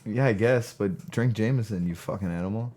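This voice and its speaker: A man's voice: fairly low pitch, a little fast, a little mellow. A man co-hosting a podcast, talking bluntly with heavy profanity and frequent laughter in casual chat. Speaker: podcast co-host. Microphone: studio podcast mic.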